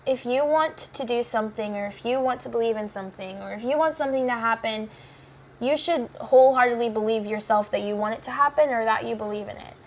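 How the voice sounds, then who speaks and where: A woman's voice: a little high, fast, a little hiss or hum. Chatty teenage girl, casual interview. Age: teens. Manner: chatty, full of fillers like "like". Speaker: cast member of a teen musical.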